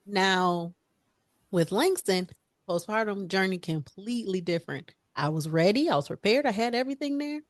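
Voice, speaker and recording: Young woman, podcast co-host, animated storyteller, dry close sound, mid-pitched voice. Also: moderate pace, no room sound. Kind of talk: casual chat.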